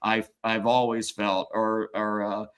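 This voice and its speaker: A man's voice: lowish voice, flat delivery, slow. A man telling stories in casual chat, acting out quotes with big jumps in his voice, swearing and laughing often. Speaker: podcast host and former reality contestant.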